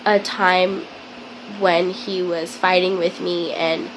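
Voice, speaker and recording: A young woman telling a personal story to camera in a hesitant, halting way, full of ums. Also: on the low side, little pitch movement, noisy background. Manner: plain confessional telling. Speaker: vlogger.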